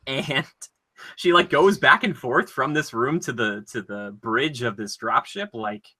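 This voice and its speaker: A man co-hosts a casual chat podcast. His voice is very bright and forward. He talks in an animated, rambling flow full of "uh" and "like" as he retells things. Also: medium pitch, unhurried. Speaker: podcast co-host.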